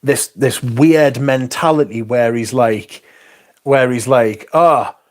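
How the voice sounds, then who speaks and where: A man's voice: medium pitch, steady tone, takes it slowly, darkish tone. A man hosting a livestream, ranting casually with heavy swearing and rambling asides. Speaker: livestream host.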